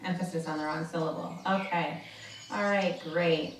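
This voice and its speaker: A woman instructor guiding a seated exercise class, with slow, step-by-step encouraging cues. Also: fairly low pitch, fairly even intonation. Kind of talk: guided seated workout instruction. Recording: roomy sound from a distance, faint noise.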